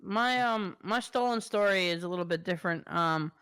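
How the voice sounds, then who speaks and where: A man's voice: sits high, moderate pace, pushed and bright, clean tone, no room sound. A young man from the New York area hosting a podcast, telling stories in a loose, profane way full of fillers. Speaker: podcast host. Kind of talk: casual podcast chat.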